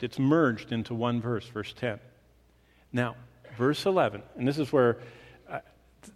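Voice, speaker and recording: A man preaching a sermon to a congregation, animated, with his pace and volume shifting for emphasis. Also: medium pitch. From Michigan. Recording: long reverb of a hall.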